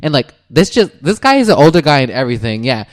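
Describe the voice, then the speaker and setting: Man, podcast host, casual chat, animated storytelling, mid pitch, dry recording. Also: quick pace, dry recording. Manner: animated, acts out quoted voices, laughs often.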